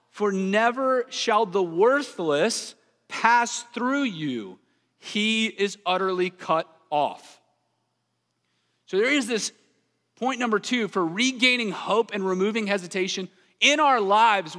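A man's voice: sits high, bright, forceful tone. A man in his thirties preaching a sermon as a pastor, earnest and emphatic, reading scripture with dramatic weight. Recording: long hall reverb.

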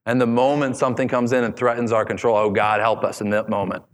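Man, 30s, pastor; chatty, humorous sermon delivery, mid pitch, big reverberant church hall. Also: level tone, fast talker. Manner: humorous, conversational preaching.

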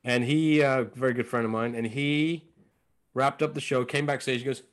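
Here the comedian's medium-pitched voice moves at a moderate pace. He's a relaxed podcast guest, an animated storyteller who voices the characters in his anecdotes and does impressions.

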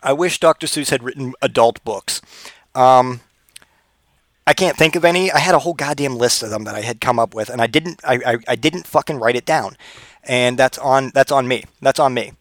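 A man's voice: medium pitch, fairly bright tone, no echo. A man hosting a comedy podcast, delivering a rambling, profane, digressive monologue. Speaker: podcast host.

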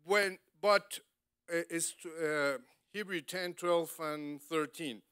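A man preaches with a high, bright voice. He keeps an unhurried pace, speaks in animated, broken English and laughs often. The sound is dry and close, with little room around it. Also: clear, resonant tone, no room sound. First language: Spanish. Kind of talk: sermon.

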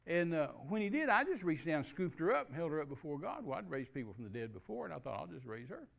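A man's voice: fairly high pitch, sing-song, fast talker, creaky, a bit bright. An older man, preaching and telling a story in a folksy way. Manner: folksy storytelling with restarts and laughs. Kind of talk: sermon storytelling.

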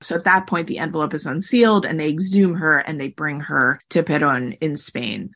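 A woman's voice: low voice, normal speed, fairly bright tone. A woman talking as an interview guest, explaining at length in a chatty way, often saying "like" and acting out quotes. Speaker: guest expert. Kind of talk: conversational interview.

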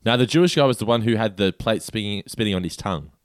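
A man's voice: on the low side, lively intonation, fast talker, no echo, studio quality. A man co-hosting a podcast, chatting loosely over trivia with hesitant restarts and frequent laughs. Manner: laid-back, hesitant, laughs often. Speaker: podcast co-host. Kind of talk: casual chat, trivia quiz.

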